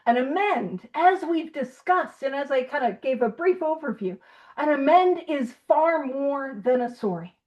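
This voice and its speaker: A woman's voice: high-pitched, expressive, measured pace, a little mellow. A woman from Canada leading a recovery group study in casual talk, self-deprecating and laughing often as she speaks. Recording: dull lo-fi sound.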